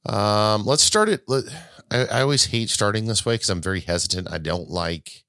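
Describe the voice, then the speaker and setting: A man with a very deep voice hosts a podcast on his own, chatting loosely and often restarting his sentences. The recording is dry and close, with no room sound. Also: animated, moderate pace, sharp tone, no room sound. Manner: rambling, self-correcting, chatty. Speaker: podcast host. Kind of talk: casual solo podcast talk.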